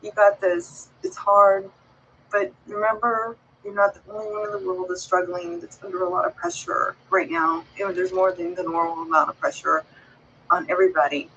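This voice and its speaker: A woman's voice: lowish voice, normal speed, creaky, bright, forceful tone, lo-fi sound, slight background noise. A woman vlogger talking to her viewers in a casual, heartfelt way, rambling and earnest as she encourages them.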